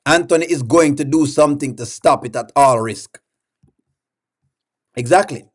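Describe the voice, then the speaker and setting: A man's voice: fairly high pitch, moderate pace. A man hosting a live-stream reaction show, chatting and putting questions to his viewers while reading their comments aloud.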